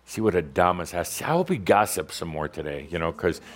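A middle-aged man from Wisconsin hosts a show in an easygoing way. He speaks in a lowish voice, with jokes and plenty of fillers. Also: big pitch swings, fairly quick. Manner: easygoing, joking, many fillers. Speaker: show host. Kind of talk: casual hosted announcements.

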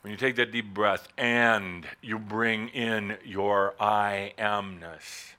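A man giving a live spiritual talk to an audience, teasing and playful, swinging between loud bursts and soft, slow asides. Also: fairly low pitch, fairly even intonation. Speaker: spiritual teacher.

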